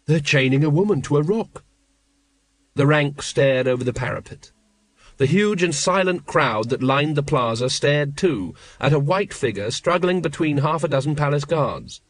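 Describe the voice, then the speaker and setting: A man narrating an audiobook in a measured, wry storytelling manner. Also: fairly high pitch, animated, no room sound. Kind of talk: scripted narration.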